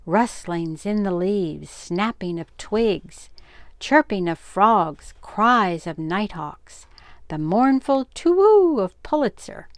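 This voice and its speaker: An older woman reading a children's story aloud, gentle and expressive. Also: medium pitch, clean tone, no echo.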